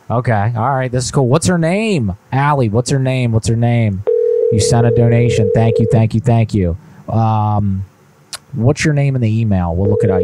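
A man's voice: lowish voice, heavy background noise. A man hosting a live prank call stream in an upbeat manner, thanking viewers and hyping the calls. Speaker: show host.

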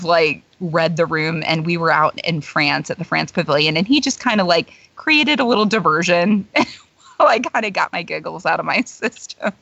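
A woman's voice: on the low side, vocal fry, a bit bright, dry recording. A woman who is a guest on an interview show, telling anecdotes in chatty, casual talk full of fillers and frequent laughter. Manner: chatty storyteller, many fillers, laughs often. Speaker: guest, former theme-park character performer. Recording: dull lo-fi dry recording.

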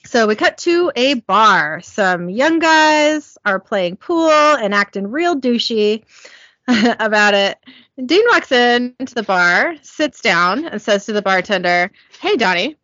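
A woman's voice: fairly high pitch, lively intonation, slow pace, a bit bright, no room sound. A woman hosting a casual recap, chatty and self-correcting, often giggling. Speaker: podcast host recapping. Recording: dull lo-fi, dry.

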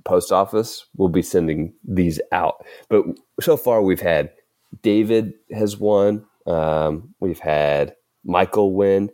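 Low-voiced laid-back podcast guy, dry close mic, lots of uh's. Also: slow, warm tone, no echo. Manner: laid-back, filler-heavy, chuckling. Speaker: podcast host. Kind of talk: casual podcast chat.

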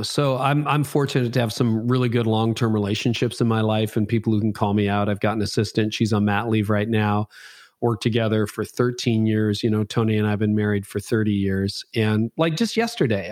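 A man's voice: on the low side, steady tone, a little fast, a little mellow, dry recording, studio quality. A man in his fifties, a pastor being interviewed, speaking candidly and reflectively with a self-deprecating streak. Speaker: pastor and guest.

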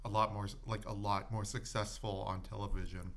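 Bright-voiced joking man, podcast co-host. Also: lowish voice, little pitch movement, normal speed, slight background noise. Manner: joking, ranting, laughs often. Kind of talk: casual podcast chat.

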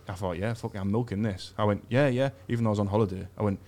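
A man from England, guesting on a podcast, tells crude, sweary stories in casual chat and acts out what others said. His voice is on the low side with a darkish tone, and he talks fast with few pauses in the studio.

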